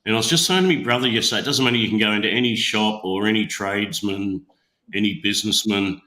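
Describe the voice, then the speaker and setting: A man's voice: on the low side, fast, pushed and bright, low-quality recording. A man in casual chat, explaining things in a plain, matter-of-fact way.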